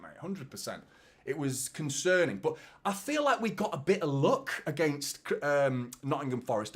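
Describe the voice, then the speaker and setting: A man with a slightly high voice hosts a live football watchalong stream, chatting casually and swearing. He talks directly to his viewers and reads their messages out loud.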